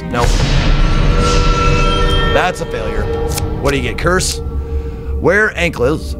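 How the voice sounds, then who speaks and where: A man's voice: medium pitch, animated, takes it slowly, long pauses, loud music behind the voice. Chatty male game streamer. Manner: rambling, chatty, swears freely. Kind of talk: casual live-stream chat.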